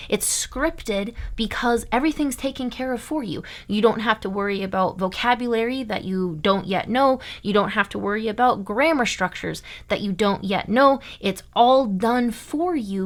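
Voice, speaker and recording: A young American woman from Iowa teaching a German lesson online, emphatic and often checking in with "okay?" and "right?". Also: mid-range voice. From United States (Iowa).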